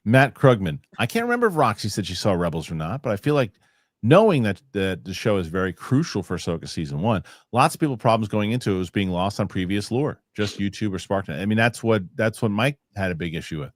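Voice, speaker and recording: A man's voice: lowish voice, sing-song, dry recording, clean studio sound. A man hosting a casual entertainment chat show, reading out viewer names and comments as he goes. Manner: rapid, reads out viewer names between topics.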